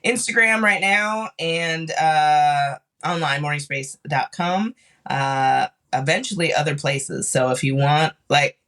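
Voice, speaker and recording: A podcast guest with a soothing, calm voice, talking thoughtfully with many fillers in casual chat. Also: mid-range voice, slow pace.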